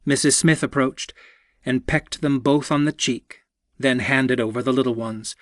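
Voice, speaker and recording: A man reading a romance audiobook in scripted narration, wry and expressive. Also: medium pitch, a little slow, dry recording, clean studio sound.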